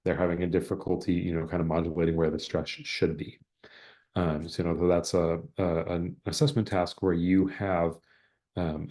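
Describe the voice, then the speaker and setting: A man with a very low, deep voice gives an online lecture over a video call. He explains things conversationally and reads example sentences aloud to show them. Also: darkish tone. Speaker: exam prep presenter.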